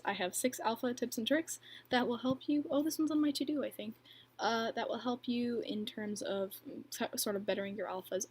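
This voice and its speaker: A young woman hosting a casual livestream, reading viewer questions and answering in a chatty, filler-heavy way with frequent laughs. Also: on the high side. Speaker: livestream host and bracelet maker.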